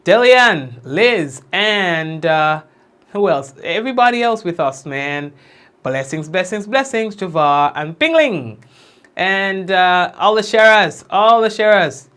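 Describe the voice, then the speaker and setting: A young man hosting a casual livestream, giving warm shout-outs to commenters by name and drawn-out blessings. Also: high voice, animated, clear, resonant tone. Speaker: livestream news host. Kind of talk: casual livestream chat greeting viewers.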